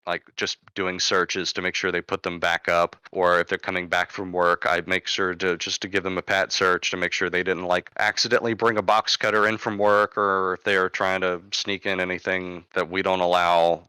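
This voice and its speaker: A young man casually telling a long work story in online voice chat. He rambles through many fillers and gets loud and animated when he acts out scenes. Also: deep voice, clear, resonant tone, no room sound. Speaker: storyteller guest recounting work stories.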